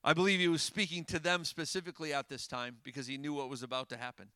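High, bright-voiced male preacher. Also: fast, clean tone, no room sound. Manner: animated, swings from loud emphasis to hushed near-whispers. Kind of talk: sermon.

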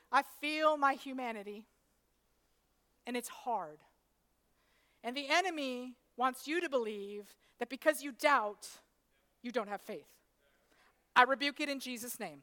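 High-voiced woman preaching slowly. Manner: preaches in rising waves, building to shouts then dropping soft. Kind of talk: sermon.

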